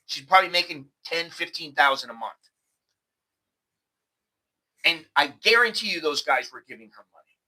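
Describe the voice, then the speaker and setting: A man with an American accent hosting a casual, animated vlog monologue. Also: fairly high pitch, fairly quick, poor audio. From United States. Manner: animated, conversational, repeats words. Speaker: host.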